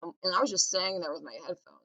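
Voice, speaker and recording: A vlogger rants straight into the camera in a long, rambling monologue, talking very fast in a low voice with a bright, sharp tone. She sounds contemptuous, keeps circling back to the same points, and leaves sentences unfinished.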